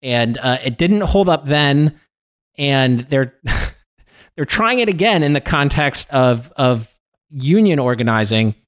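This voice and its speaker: Man, guest writer, measured explanation, many "uh"s, middle pitch. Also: animated. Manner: measured, hesitant fillers. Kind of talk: explaining a legal case.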